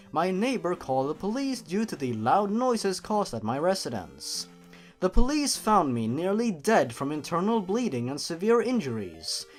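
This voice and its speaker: A man reads a creepypasta aloud in a deadpan voice, then cuts in with sarcastic jokes. His pitch swings widely as he goes. Faint music plays softly underneath. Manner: deadpan reading broken by sarcastic asides. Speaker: YouTube narrator. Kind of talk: comedic story reading.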